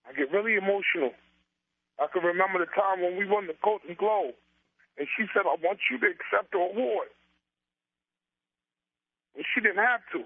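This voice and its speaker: High-voiced impassioned man on a phone line. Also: moderate pace, long pauses, husky, no room sound. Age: 40s. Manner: impassioned, repetitive, preacher-like build-ups. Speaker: interview guest, comedian and author. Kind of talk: emotional interview talk.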